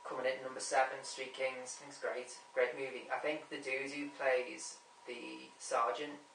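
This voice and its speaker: A man's voice: mid-range voice, flat delivery, moderate pace, creaky, noisy background. A man chatting casually about films, rambling and repeating himself as he forgets names. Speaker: movie vlogger ranking a top ten. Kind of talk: casual rambling film chat. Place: room at home. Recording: echoey room, mic at a distance.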